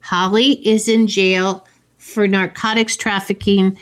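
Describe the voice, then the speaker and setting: A woman's voice: mid-range voice, little pitch movement, clean tone. A woman casually retelling a movie plot in a chat, slipping into the characters' lines as she goes. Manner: slow, storytelling with acted quotes.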